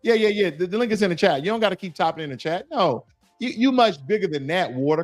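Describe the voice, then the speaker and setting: High-voiced man taunting his livestream chat. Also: lively intonation, a little fast, no echo, faint music behind. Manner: taunting, calls a chatter in over and over. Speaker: livestream host. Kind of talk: casual livestream talk reading chat.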